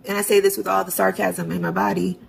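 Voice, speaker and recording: A woman vlogger chats to herself as she narrates her budgeting and bill transfers in online banking, dropping sarcastic asides. Her medium-pitched, gravelly voice has vocal fry, moves little in pitch and goes at a quick pace. The low-quality recording carries slight background noise.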